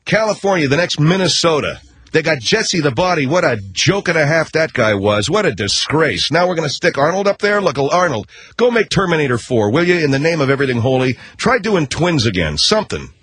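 A man's voice: on the high side, expressive, fairly bright tone, breathy edge. A man hosting a talk show, delivering a combative, sarcastic rant. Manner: combative, sarcastic, rapid ranting. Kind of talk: ranting talk-radio commentary.

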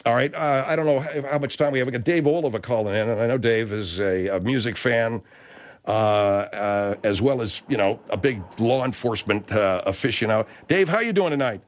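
A man's voice: mid-range voice, a little fast, muffled recording. A man hosting a comic radio talk show, sardonic and argumentative with his callers.

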